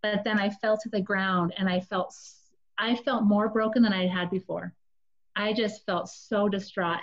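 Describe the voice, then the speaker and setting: A woman's voice: mid-range voice, fairly even intonation, normal speed, highs cut off. Woman earnestly telling her personal story. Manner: earnest, confessional, addresses listeners directly. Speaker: speaker sharing her story. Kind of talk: personal testimony, casual storytelling.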